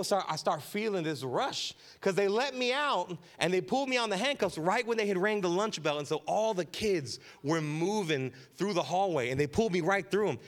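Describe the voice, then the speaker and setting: A man's voice: fairly high pitch, fairly bright tone. A man in his thirties, a pastor, preaching a sermon in a candid, conversational storytelling way with casual slang. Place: church sanctuary.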